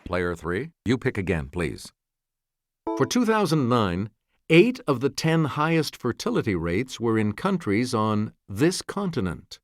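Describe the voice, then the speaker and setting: Quiz show host man, slow measured pace, lively sweeping pitch, reads clues and calls players. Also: dry recording. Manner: announcing, reading clues. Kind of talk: scripted quiz host delivery.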